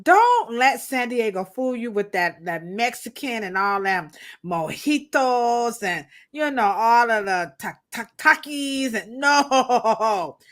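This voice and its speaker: A woman's voice: on the high side, very animated, takes it slowly, a bit bright. A woman co-hosting a live stream, chatting casually and playfully with slang and laughter. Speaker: co-host.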